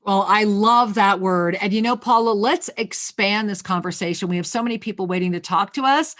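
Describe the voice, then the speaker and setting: A woman's voice: mid-range voice, brisk. Gushing spiritual radio host, a woman. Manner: effusive, calls callers sweetheart and angel; intuitive reading in a soft flowing tone. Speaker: radio talk show host. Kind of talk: spiritual talk radio with callers.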